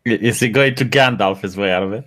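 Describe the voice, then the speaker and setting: A man's voice: on the low side, fast talker, fairly bright tone. A man playing a tabletop game, making teasing asides. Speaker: player. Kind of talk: casual tabletop game chat.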